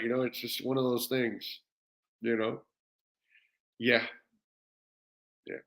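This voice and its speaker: This sports radio host from the United States is middle-aged and responds to viewer comments on a live show, casual and gushing, rambling with fillers and repeated words. His medium-pitched voice holds a steady, sharp tone and moves slowly with long pauses.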